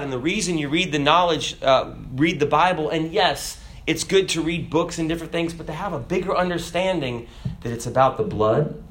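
A man's voice: fairly high pitch, fairly bright tone. A man preaching a sermon, asking the congregation rhetorical questions and reading scripture aloud.

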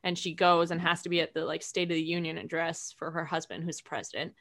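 A woman in casual chat, animated and rambling, with lots of fillers and frequent laughter. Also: deep voice, a little fast.

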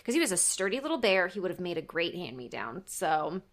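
On a podcast she co-hosts, a woman tells a story in casual conversation, laughing often. Her voice is on the low side, brisk, with big swings in pitch.

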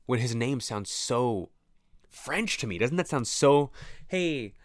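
A man's voice: medium pitch, lively intonation, measured pace, dry recording, studio quality. A man talking to camera in a rambling, profane, reflective monologue that keeps interrupting itself. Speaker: vlogger. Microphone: camera mic, close.

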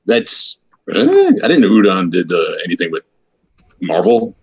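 A man's voice: sits low, normal speed, creaky, breathy edge. A man co-hosting a casual pop-culture podcast, talking hesitantly with many fillers. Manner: hesitant, filler-heavy, easily amused. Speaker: podcast co-host.

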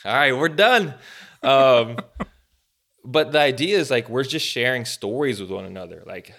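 A man's voice: mid-range voice, a little slow, vocal fry. A man co-hosting a podcast, talking casually about faith and prayer with many fillers and restarts. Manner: rambling, animated, many fillers. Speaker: podcast co-host.

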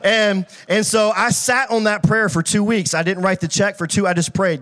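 Man, pastor, high-pitched voice, sermon, storytelling, call-outs to the audience, fast with restarts. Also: steady tone, fairly bright tone. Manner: fast, filler-heavy delivery with frequent restarts.

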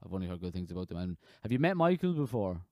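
A man's voice: sits low, big pitch swings, rapid-fire, no echo, muffled recording. Guy in his 30s hosting a chatty podcast, keeps restarting his sentences, dry close sound. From Ireland. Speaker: podcast host. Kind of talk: casual interview chat.

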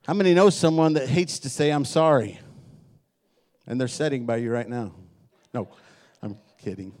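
A middle-aged man preaching in a church, mixing jokes and stories from home with his message. He acts out the voices he quotes and speaks at an ordinary, mid-range pitch. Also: moderate pace, darkish tone. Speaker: pastor. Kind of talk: sermon.

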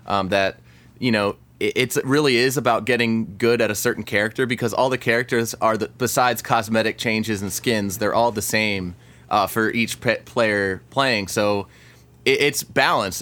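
Enthusiastic man with a smooth, low voice. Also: a bit bright. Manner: enthusiastic, halting, many restarts and laughs. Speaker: podcast co-host. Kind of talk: casual gaming podcast chat.

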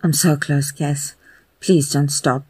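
Affectionate, coaxing adult man, read by the narrator; husky, unhurried. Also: mid-range voice, steady tone, a little mellow, dry recording, rough recording. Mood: tender, coaxing.

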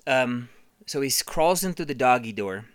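A comedian telling a rambling, profane improvised story in a deadpan way. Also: medium pitch, moderate pace, no echo.

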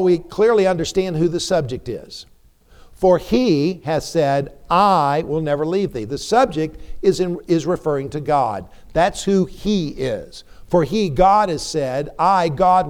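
A man's voice: a little high, darkish tone. A middle-aged man preaching a sermon, emphatic, repeating words for stress and putting questions to the congregation.

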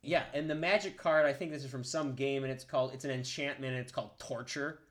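A man's voice: mid-range voice, fast. A young man co-hosting a casual podcast, talking animatedly and acting out goofy scenes. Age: young adult. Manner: animated, acts out scenes with silly voices. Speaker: podcast co-host. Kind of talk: casual chat.

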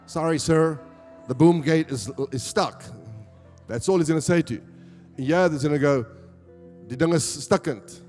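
South african preacher guy, kinda high voice, big echoey church hall, faint music under it. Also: moderate pace, long pauses, darkish tone. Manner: preaching with rising emphatic calls to the congregation. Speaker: pastor. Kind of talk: sermon.

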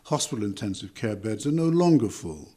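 An older man hosting an interview, speaking in a measured, courteous way from a hotel. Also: lowish voice, sing-song, mellow, slightly rough. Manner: measured and courteous, with scripted intro. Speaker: podcast interviewer. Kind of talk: hosted interview. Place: hotel room.

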